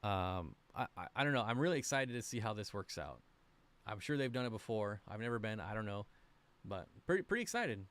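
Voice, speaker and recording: A man's voice: on the low side, very animated, fairly quick, fairly bright tone. A man hosting a casual livestream about aquarium fish, reading viewer comments aloud in a chatty, rambling, self-deprecating way. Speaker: aquarium channel host.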